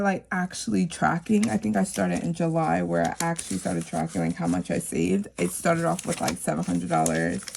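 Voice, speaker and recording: A woman's voice: lowish voice, vocal fry, a little mellow, a little hiss or hum. A woman chatting casually to camera about her savings challenges, rambling with lots of fillers. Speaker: savings vlogger; teacher.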